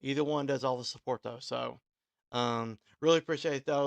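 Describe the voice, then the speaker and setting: A man's voice: mid-range voice, fairly quick, creaky. A man from Kentucky, hosting an online radio show and signing off in a rambling, casual way. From Kentucky, USA. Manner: rambling, full of ums and restarts. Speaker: radio host and DJ. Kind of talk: casual live-stream sign-off.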